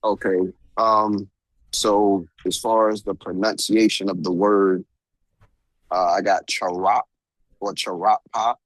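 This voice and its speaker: A man in a study group explaining his reasoning on a call, slow and halting as he thinks aloud. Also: on the low side, flat delivery, no room sound, rough recording.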